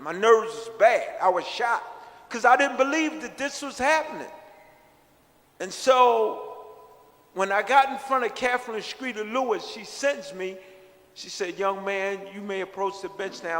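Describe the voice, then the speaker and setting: A man's voice: high-pitched, fairly bright tone, in a large hall. A middle-aged man earnestly telling his own life story in an interview, reflective and often repeating himself. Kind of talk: personal storytelling.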